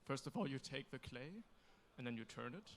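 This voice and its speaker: Dude pitching his game onstage, calm explainer, mid voice. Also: normal speed, creaky, a little hiss or hum. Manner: steady, explanatory, with fillers. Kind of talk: stage pitch presentation. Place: convention stage.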